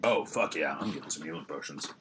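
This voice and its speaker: Bright, deep-voiced man at a game table. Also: lively intonation, fast, a little hiss or hum. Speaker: player. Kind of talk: casual tabletop chat.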